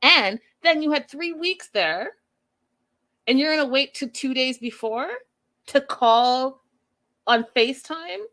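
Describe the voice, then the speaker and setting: A woman hosting a live show recap, giving her opinions in an animated way and talking to the live chat. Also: high voice, slow pace, pauses often. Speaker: host.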